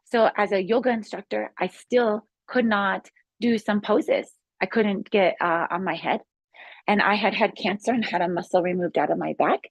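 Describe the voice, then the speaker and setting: Excited woman telling her story. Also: mid-range voice, normal speed, creaky, no echo. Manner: excited, rambling storytelling with restarts. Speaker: guest sharing a healing testimony; yoga instructor. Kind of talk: casual spoken testimony.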